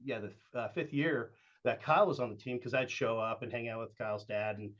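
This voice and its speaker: Middle-aged male coach, mid-pitched voice, from Southern Oregon. Loose, filler-heavy storyteller on a somewhat muffled podcast mic. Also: a little fast, a bit bright. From Southern Oregon, USA. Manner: rambling, with frequent "uh" and "like", acting out quoted dialogue. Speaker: guest, youth travel baseball coach.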